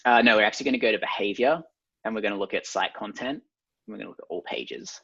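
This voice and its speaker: Husky Australian man explaining methodically. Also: lowish voice, quick pace, dry recording. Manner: steady, methodical, frequent ums. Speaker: ad consultant guest. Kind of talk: explaining a screen walkthrough. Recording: slightly dull lo-fi sound.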